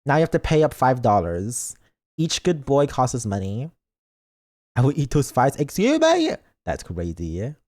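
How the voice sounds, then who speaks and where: A man's voice: mid-range voice, lively intonation, moderate pace, darkish tone. A man streaming a game as a VTuber, chatting casually with his viewers in a playful, goofy, mock-defensive way.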